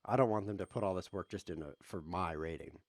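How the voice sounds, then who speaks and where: A chess streamer with a lowish voice talks fast as he commentates his own online games, rambling through deadpan jokes and silly asides. The recording is dry, with his voice close on the mic and no room sound around it.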